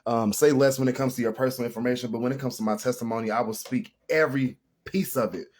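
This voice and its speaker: A man's voice: medium pitch, steady tone, fast talker, darkish tone. A man giving a casual spiritual tarot reading to viewers, talking in an earnest, emotional and rambling way. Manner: addresses viewers as y'all. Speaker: tarot reader.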